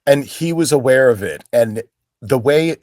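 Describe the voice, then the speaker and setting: A man's voice: medium pitch, unhurried, no room sound, clean studio sound. A middle-aged man, an actor and guest, telling casual stories and acting out the voices of the people in them. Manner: animated, acts out voices of people in his stories. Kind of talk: casual anecdotal storytelling.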